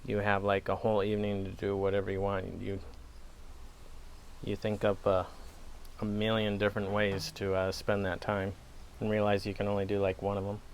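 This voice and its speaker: A man with a Wisconsin accent talks casually on his pipe-smoking channel in a lowish, monotone voice at normal speed, with a little hiss or hum. He digresses freely and laughs at himself as he goes.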